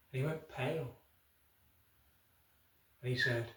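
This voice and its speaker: Male folk-tale storyteller with dramatic pauses, recorded far off in a very roomy space. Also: mid-range voice, fairly bright tone. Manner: unhurried, dramatic pauses, rhetorical asides. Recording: echoey room, from far off.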